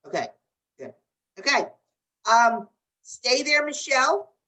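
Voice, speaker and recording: A woman hosting a video call, taking questions from viewers in an unhurried way. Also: high-pitched, very animated, pushed and bright. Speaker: host. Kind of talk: casual chat. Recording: distant video call audio.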